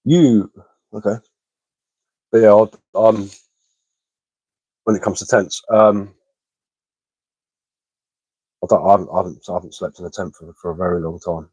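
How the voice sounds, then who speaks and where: A man, a little hoarse from being ill, chatting casually on a livestream and answering comments with lots of hesitant fillers and repeated words. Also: low-pitched, fairly even intonation, measured pace, long pauses, a little mellow, dry recording, poor audio. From England. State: slightly hoarse from illness. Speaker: bushcraft livestreamer.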